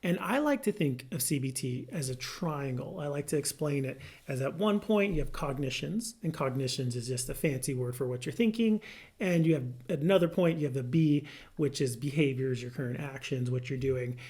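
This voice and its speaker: A man, a licensed marriage and family therapist, explaining a therapy method to viewers in a lively, good-humored way. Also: on the high side, normal speed. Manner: lively, good-humored, laughs through personal example. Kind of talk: educational explainer to camera.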